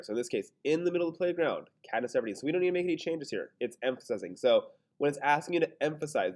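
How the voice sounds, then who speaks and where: With a mid-range, slightly mellow voice, a man casually teaches grammar in a screen-recorded lesson, thinking aloud as he talks himself through his slip-ups.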